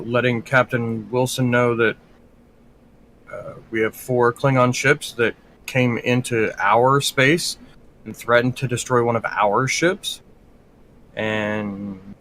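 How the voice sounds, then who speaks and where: A man's voice: medium pitch, a bit bright, low-quality recording. Guy playing the first officer, lots of ums, faint noise behind. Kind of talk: tabletop role-play.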